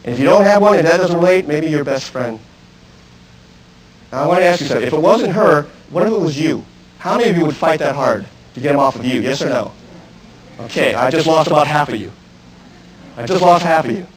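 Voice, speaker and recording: High-voiced intense male self-defense instructor. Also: lively intonation, a little fast, long pauses, rough recording. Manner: intense, direct, questions the audience. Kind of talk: live seminar lecture. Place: room with an audience. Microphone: archive video recording.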